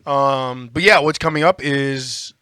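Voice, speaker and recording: A man's voice: mid-range voice, a little slow, pushed and bright, smooth, no echo, studio quality. A man co-hosting a casual podcast, talking in a playful, jokey, upbeat way. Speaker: podcast co-host.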